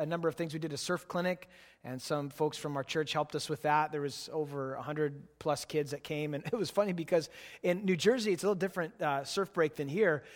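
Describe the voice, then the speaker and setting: Pastor in his late thirties, high voice, easygoing sermon delivery, long hall reverb. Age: late 30s. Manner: relaxed, chatty storytelling with laughs.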